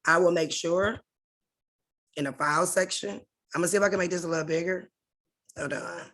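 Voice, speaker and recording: A woman's voice: fairly low pitch, steady tone, brisk, fairly bright tone. A woman leading an online class over a video call, in a casual and direct instructional tone that addresses her listeners familiarly.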